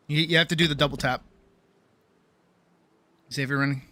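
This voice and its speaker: A woman's voice: low voice, a little fast, long pauses. A woman streamer chatting casually, swearing a lot and mocking herself. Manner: profane, animated, self-mocking. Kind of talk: casual live-stream chat. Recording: faint music behind.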